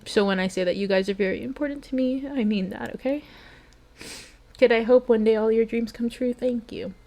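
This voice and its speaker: A woman's voice: a little high, steady tone, fairly quick, dark tone. A young adult woman streamer reading a bedtime story and chatting with her viewers, earnest and emotional.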